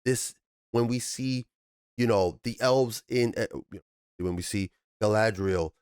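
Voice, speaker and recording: A man hosting a TV review channel, ranting in an animated, profane way and jumping up into high, exasperated bursts. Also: a little slow, smooth, no room sound, studio quality.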